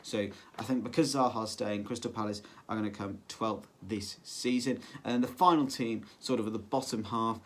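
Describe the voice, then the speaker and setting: A man's voice: on the low side, fairly even intonation, normal speed, hardly any pauses. Male vlogger, casual and rambling, filler-heavy delivery. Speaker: football vlogger. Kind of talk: casual solo prediction vlog.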